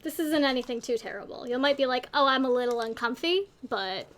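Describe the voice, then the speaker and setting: A woman's voice: high-pitched, expressive, brisk. A woman co-hosting a casual storytelling panel, rambling and self-deprecating as she tells stories. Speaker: panel co-host.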